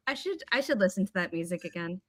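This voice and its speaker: Bright-voiced chatty woman host. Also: mid-range voice, normal speed, no room sound. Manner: chatty, rambling, animated storytelling. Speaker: writing sprint host. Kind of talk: casual chat on a livestream.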